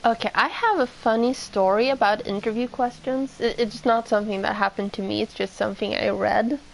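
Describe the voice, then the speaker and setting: A woman's voice: a little high, steady tone, brisk, gravelly, a little hiss or hum, low-quality recording. A woman from Sweden with a Swedish accent, chatting casually and rambling as she streams a game. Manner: rambling, meandering, with many fillers. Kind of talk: casual chat while gaming.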